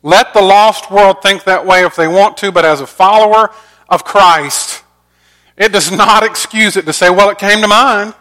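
At a normal speed, a middle-aged man with a high-pitched voice preaches earnestly from the pulpit as pastor. His sermon moves back and forth between forceful emphasis and quiet, soft delivery.

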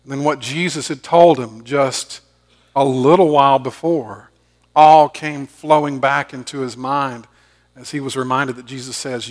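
A man preaching a sermon, telling stories and swinging from loud emphatic bursts to hushed low asides. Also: steady tone, unhurried. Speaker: pastor.

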